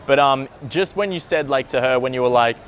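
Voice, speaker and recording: A man's voice: medium pitch, a little fast. A man talking to the camera as a dating coach, in loose, slangy speech full of "like" and "bro", with the odd swear word. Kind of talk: casual coaching talk to camera.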